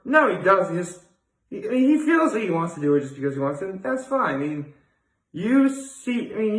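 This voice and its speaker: A young man hosting a daily video, rambling and digressing as he thinks aloud in a casual solo monologue. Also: high-pitched. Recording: echoey room.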